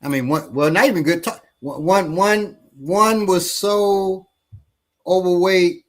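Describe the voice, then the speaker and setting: A man, a martial arts instructor, telling a story in casual talk, halting and restarting often. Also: sits high. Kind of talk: casual storytelling in a panel discussion.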